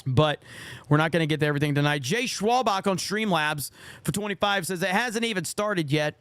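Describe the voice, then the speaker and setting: A hoarse man hosting a live stream sits close and dry on the mic, his voice pitched a little high yet smooth underneath the strain. He rambles through viewer messages, reading them out and tossing off quick asides. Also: a bit bright, dry recording. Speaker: livestream host.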